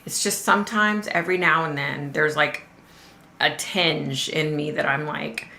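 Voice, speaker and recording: A middle-aged woman talks casually to her livestream viewers, chatty and loose with swear words. Her voice is gravelly, bright and a little low, and it carries an echo from the room. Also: fairly even intonation, unhurried. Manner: chatty, swears freely, drawls "y'all". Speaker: host of a livestream.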